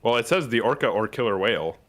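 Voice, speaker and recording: A man's voice: mid-range voice, animated, quick pace, fairly bright tone. A man co-hosting a podcast in casual chat, musing aloud, rambling and laughing easily. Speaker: podcast co-host.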